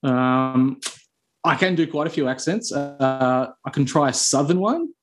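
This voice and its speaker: Aussie guy hosting a chill podcast, mid pitch, upbeat. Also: expressive, measured pace, over music. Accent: Australian. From Australia. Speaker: podcast host. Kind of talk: casual podcast chat.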